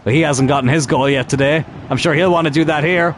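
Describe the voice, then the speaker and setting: A man commentating his own football management game, cheering and shouting when goals go in. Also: on the high side, quick pace, few pauses, a little hiss or hum. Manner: excitable, shouts at goals, laughs. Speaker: gaming YouTuber.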